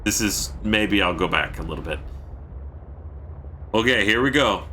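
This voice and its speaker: Lively deep-voiced man streaming a game. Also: measured pace, a little hiss or hum. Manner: chatty, reads out viewer thanks, sudden yelps; keeping his voice down. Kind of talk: casual gameplay commentary.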